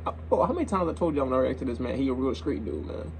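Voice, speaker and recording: Lively young man reacting, slangy and animated. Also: mid-range voice, rapid-fire, creaky, background noise. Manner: animated, slangy, repeats himself. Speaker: reaction video host. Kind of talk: casual reaction commentary.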